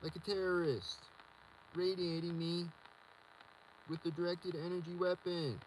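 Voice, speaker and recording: A man's voice: high-pitched, level tone, unhurried, a little hiss or hum, poor audio. A man rambling in a solo video monologue, agitated and repetitive as he rants. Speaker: vlogger.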